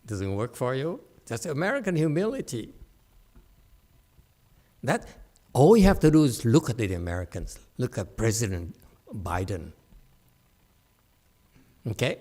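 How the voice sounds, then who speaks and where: Teaching a meditation class, a man gives a humorous dharma talk, teasing and joking with his listeners and asking them to agree. His medium-pitched voice is sing-song and dark in tone, unhurried, with frequent pauses.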